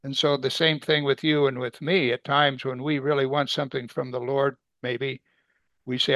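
A man's voice: mid-range voice, normal speed, vocal fry, dry recording. A man preaching a conversational sermon, asking rhetorical questions and acting out quoted voices. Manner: acts out quoted speakers with sudden loud excited bursts. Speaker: Bible teacher.

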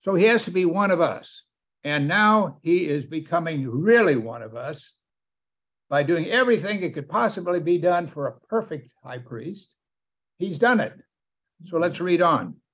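A man's voice: fairly high pitch, expressive, normal speed, a bit bright. A man preaching a sermon with emphasis, often asking his listeners questions. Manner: emphatic, asks the audience questions. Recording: dull, lo-fi sound.

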